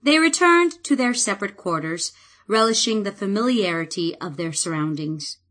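A woman narrating a fantasy audiobook in a calm, measured way. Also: medium pitch.

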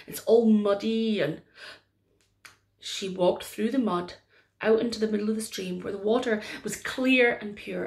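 A woman storyteller with a fairly high voice, telling a folk tale slowly and unhurriedly. She leans into the story with gentle drama. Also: gravelly.

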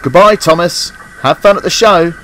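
A man's voice: sits high, normal speed, background noise, pitched above the performer's own voice, lightly acted. A man voicing a cheerful, friendly male vintage tank engine in a storybook tale, chuckling and chatty.

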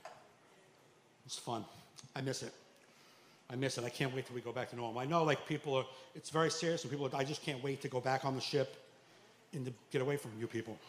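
A man doing a stand-up comedy set, animated and acting out characters with sudden loud outbursts. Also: medium pitch, fast, a little hiss or hum. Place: comedy club. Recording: echoey club with faint ambience.

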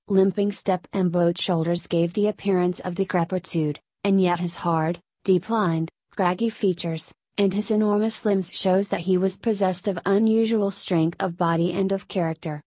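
A woman narrates a story in a steady, even audiobook reading. The recording is dry and close. Her pitch sits in a middle range. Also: moderate pace, no echo.

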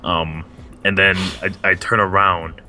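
A man puts on a vulgar comedy girlfriend in a skit, talking in a very low voice with a crisp, bright tone. The delivery stays deadpan, and a country twang keeps creeping in. Faint music plays underneath. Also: measured pace, full character voice. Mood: deadpan crude. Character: crude foul-mouthed girlfriend played by a man.

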